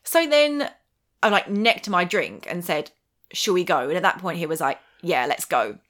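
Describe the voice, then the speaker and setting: A woman chatting casually, an animated storyteller who acts out what people said and laughs often. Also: fairly low pitch, moderate pace. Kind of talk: casual chat.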